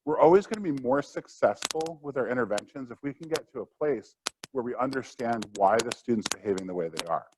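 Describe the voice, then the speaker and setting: A man's voice: mid-range voice, expressive, fairly quick, noisy background. A middle-aged man presenting a live workshop lecture in a conversational way, with fillers and asides.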